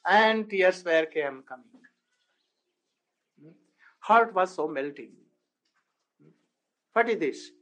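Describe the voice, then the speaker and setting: A man giving a devotional lecture as a spiritual teacher, telling a sacred story in halting non-native English and asking his listeners rhetorical questions. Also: high voice, lively intonation, a bit bright, rough recording.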